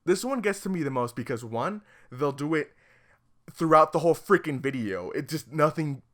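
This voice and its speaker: A man's voice: on the high side, lively intonation, normal speed, background noise. A man giving sarcastic, exasperated comedic commentary as a YouTuber.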